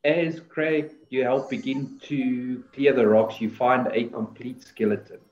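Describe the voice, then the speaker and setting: A man's voice: medium pitch, a little slow, a little mellow. A man narrating as game master of a tabletop game, hesitating often with fillers. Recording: echoey dull lo-fi audio with music.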